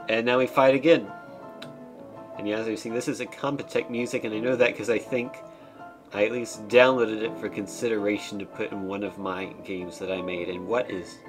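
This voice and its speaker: A man streaming a game, giving casual commentary with wry, deadpan asides as he reads the game's text aloud. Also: lowish voice, moderate pace, long pauses, soft background music.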